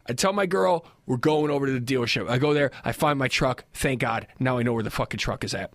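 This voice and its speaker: A young adult man co-hosting a casual podcast, telling a story with lots of swearing and quick imitations of the people he talks about. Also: medium pitch, no room sound. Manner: animated storyteller, swears a lot, mimics people he quotes. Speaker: podcast co-host. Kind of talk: casual crude banter and storytelling.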